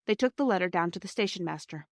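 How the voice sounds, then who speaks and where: A woman reading a classic children's storybook aloud in a measured, expressive way. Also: lowish voice, dry recording, clean studio sound. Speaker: reader.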